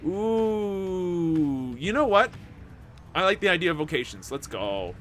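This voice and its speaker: A man hosting a gameplay video, reading the game's text aloud and commenting with excitement. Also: sits high, slow. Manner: animated, reads dialogue aloud with excitement.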